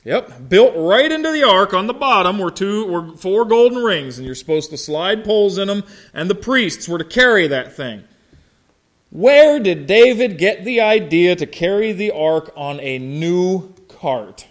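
Folksy pastor with a slow drawl. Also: male voice, high voice. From Ohio, United States. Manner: folksy storytelling, asks the congregation questions. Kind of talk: sermon.

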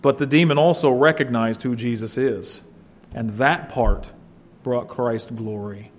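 A man preaching an expository sermon, swinging between loud emphasis and quiet, low asides. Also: unhurried. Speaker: pastor.

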